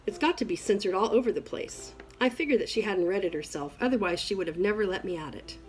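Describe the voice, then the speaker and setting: A woman reads a novel aloud, telling it expressively in the first person. Her pitch sits mid-range for a woman, and soft music plays quietly underneath. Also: expressive, quick pace, rough recording. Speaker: reader.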